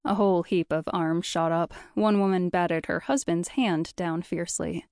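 A woman giving scripted, measured audiobook narration of a story. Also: on the low side, darkish tone, dry recording, studio quality.

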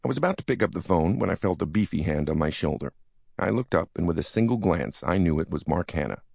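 Very deep, gravelly male narrator. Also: expressive, fast talker, darkish tone, no room sound, clean studio sound. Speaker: audiobook narrator. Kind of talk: first-person memoir narration.

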